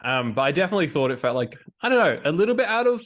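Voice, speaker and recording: A man's voice: fairly high pitch, very animated, racing. A man with an Australian accent chatting casually as a podcast co-host, rambling and slangy with some mild swearing. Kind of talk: casual recap chat.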